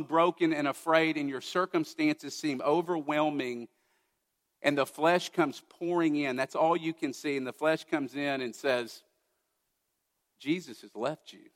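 Speaking from a church sanctuary that sounds like a large hall, a pastor with a slightly high, somewhat bright voice gives his sermon. He keeps it earnest and conversational, often turning to the congregation with personal asides.

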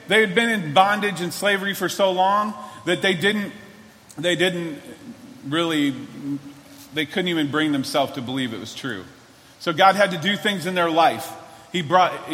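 Bright-voiced pastor preaching in a church hall. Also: male voice, high voice. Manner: earnest, conversational preaching with many restarts. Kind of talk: sermon.

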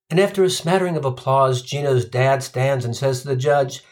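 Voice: mid-range voice, fairly quick, hardly any pauses. A comedian telling a profane, sardonic stand-up story. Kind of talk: stand-up routine.

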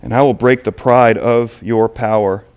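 A man preaching a sermon, moving between quiet asides and loud, emphatic points. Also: mid-range voice, steady tone, moderate pace, clean tone.

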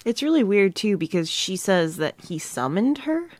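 A woman's voice: mid-range voice, big pitch swings, moderate pace, dry recording. A woman co-hosting a podcast, recapping a TV episode in casual chat, giggly and wry. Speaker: podcast co-host.

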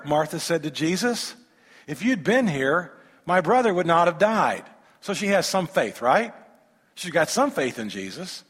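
A man preaching a sermon, reading scripture aloud and breaking in with animated rhetorical questions and humorous asides to the congregation. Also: a little high, unhurried, breathy edge. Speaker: pastor. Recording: long reverb of a large hall.

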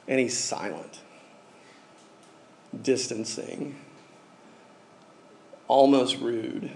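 Man, preacher, casual sermon, informal, chatty, mid-pitched voice. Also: moderate pace. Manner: informal, filler-heavy, conversational.

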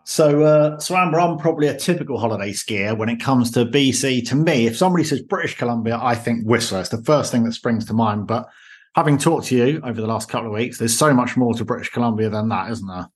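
A friendly man hosting a casual podcast interview. His voice sits at an ordinary middle pitch. He keeps the conversation chatty and relaxed. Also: fast talker. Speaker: podcast host.

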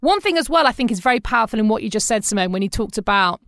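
A middle-aged woman hosting a podcast, telling candid stories in a lively, conversational way. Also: a little high, racing, no echo, studio quality. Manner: candid, animated storytelling with quoted voices. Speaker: podcast host.

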